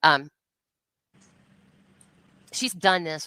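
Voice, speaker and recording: A woman's voice: sits low, lively intonation, a little fast, bright, forceful tone, no echo. A woman in a livestream talk, blunt and combative, pressing her points hard. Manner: blunt, combative, repeated challenges. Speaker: livestream co-host. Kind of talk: heated casual commentary.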